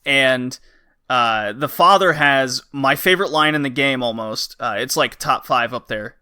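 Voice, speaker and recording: A man's voice: medium pitch, a little slow, pushed and bright, smooth. A man hosting a podcast who chats casually about a game, rambling and acting out the characters' lines. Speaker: podcast host. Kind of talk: casual game review chat.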